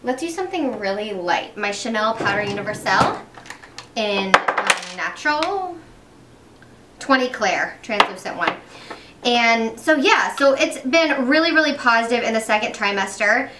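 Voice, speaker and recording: A woman's voice: a little high, lively intonation, moderate pace, roomy sound, distant mic, noisy background. A young pregnant woman chatting casually while doing her makeup, upbeat, with lots of fillers and restarts. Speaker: beauty vlogger.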